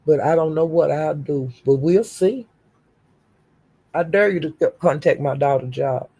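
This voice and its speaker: Gravelly older woman on a profane rant. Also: low-pitched, measured pace, warm tone. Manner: profane, confrontational, defiant. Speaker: YouTube streamer. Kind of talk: livestream rant.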